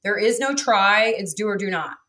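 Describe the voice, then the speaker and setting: Woman, interview guest, frank storyteller, bright voice, filler words. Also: mid-range voice, expressive, moderate pace. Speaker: guest, real estate developer. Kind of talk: casual interview talk.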